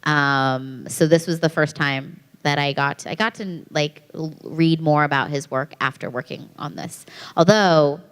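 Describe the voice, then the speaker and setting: A woman on a convention panel, telling a story with animated energy and a slightly lower voice. The sound carries a long reverb from a big hall. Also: a little slow, few pauses, clear, resonant tone. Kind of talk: casual panel Q&A.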